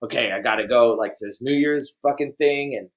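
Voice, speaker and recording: A man's voice: mid-range voice, brisk. Rambling, laughing man telling stories. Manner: rambling storyteller who laughs at his own tales. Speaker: podcast guest. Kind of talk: casual chat.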